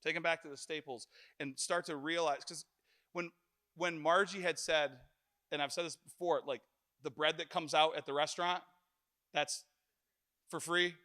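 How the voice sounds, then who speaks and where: A middle-aged man preaching a sermon in church, telling stories with jokes and lively animation. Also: fairly high pitch, normal speed, long pauses. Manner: animated, joking storyteller.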